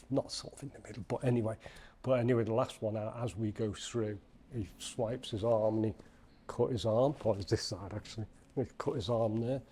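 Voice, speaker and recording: Animated Liverpool man telling a story. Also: mid-range voice, slightly rough. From Liverpool, England. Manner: animated, acts out voices in quotes. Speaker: podcast guest. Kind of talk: casual storytelling.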